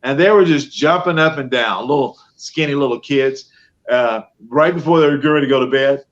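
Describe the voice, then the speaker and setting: A man's voice: mid-range voice, fairly quick, lo-fi sound. A man telling stories in an interview over a video call, acting out what people said. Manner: animated storyteller acting out quotes. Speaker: professional Santa guest. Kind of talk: storytelling interview answers. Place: home studio.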